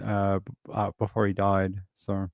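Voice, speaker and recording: A man's voice: sits low, completely flat delivery, unhurried, gravelly, dry recording, studio quality. An Australian man hosting a livestream, chatting casually and rambling through stories while answering viewers. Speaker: livestream host.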